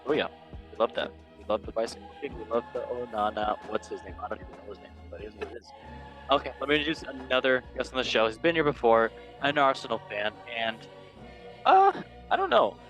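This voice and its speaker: A man hosting a casual football podcast, rambling and making fun of himself, often trailing off quietly. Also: medium pitch, very animated, quick pace, soft background music. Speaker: podcast host. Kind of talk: casual chat.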